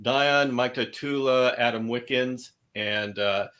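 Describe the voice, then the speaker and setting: Male host, mid-pitched voice, stop-start delivery full of pauses. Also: a bit bright. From California. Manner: halting, lots of hesitations and restarts. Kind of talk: casual video chat.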